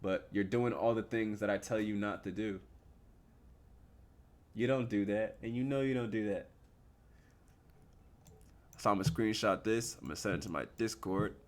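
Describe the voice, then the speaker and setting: Young man, very low voice, laid-back slangy live trading commentary that answers its own questions. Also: moderate pace, pauses often. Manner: relaxed, slangy and explanatory, asks and answers his own questions. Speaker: livestreaming forex trader.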